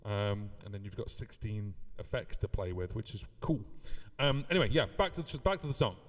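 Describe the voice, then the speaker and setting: This man from the United Kingdom gives a casual live-stream lesson on looping, full of fillers and occasional beatboxing. He speaks at normal speed with a fairly low pitch, in a large hall.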